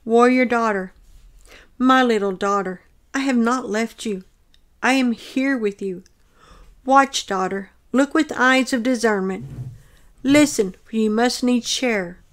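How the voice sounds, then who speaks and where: A woman voicing a gentle, reassuring male divine figure who speaks to her as his daughter. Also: fairly high pitch, slow pace. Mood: tender.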